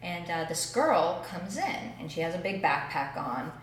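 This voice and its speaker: A woman's voice: fairly low pitch, measured pace, far from the mic, a little hiss or hum. A young woman with a Southern Californian accent tells a travel story in a casual chat, with a dry, sarcastic way of talking. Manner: dry, sarcastic, animated when excited. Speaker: guest. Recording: echoey room, off-mic, faint ambience.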